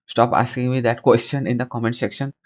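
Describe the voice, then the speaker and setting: A man's voice: mid-range voice, level tone, brisk. A man in his twenties chatting with strangers on a video call and adding chatty commentary, asking blunt questions. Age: 20s. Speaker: video chat host. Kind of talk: casual chat and voice-over commentary.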